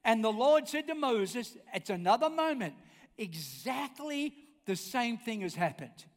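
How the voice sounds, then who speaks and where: Unhurried yet very animated, this male pastor speaks in a very high-pitched voice. His sermon is forceful and full of repetition, with frequent calls for the congregation to answer back, all echoing in the long reverb of a big hall.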